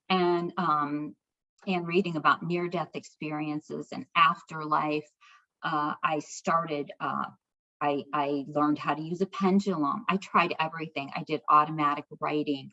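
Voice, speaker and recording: A middle-aged American woman, a guest speaker, telling a personal story with heartfelt, animated retelling and acted-out dialogue. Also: deep voice. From United States. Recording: slightly dull lo-fi recording.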